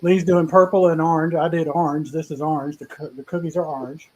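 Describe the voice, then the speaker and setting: A man's voice: fairly high pitch, level tone, fairly quick, a little mellow, muffled recording, slight background noise. A man hosting a casual cooking show, chatting in a folksy, rambling way. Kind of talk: casual live cooking chat.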